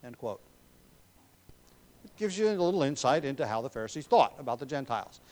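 A man preaching an expository sermon as a pastor, emphatic on key words, with frequent ums and throat clearing. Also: medium pitch, big pitch swings, brisk, a little mellow.

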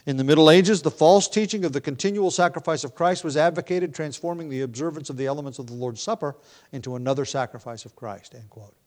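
A man preaching a verse-by-verse sermon, reading scripture with rising emphasis and slipping into relaxed asides with ums and light laughs. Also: fairly high pitch, fast. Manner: conversational with filler ums and restarts. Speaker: pastor. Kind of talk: expository sermon.

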